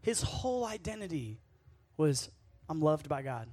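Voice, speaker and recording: A man giving a casual, conversational sermon at a youth camp, playful and quick to act out the lines he quotes. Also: a little high, big pitch swings, a little mellow, no room sound.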